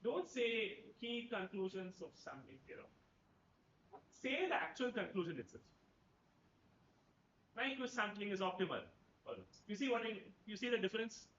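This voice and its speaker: A man's voice: sits high, animated, moderate pace, long pauses, fairly bright tone, slight background noise. A professor giving a conversational lecture to students, who keeps checking in with "right?" after his points. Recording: dull, roomy lecture hall sound.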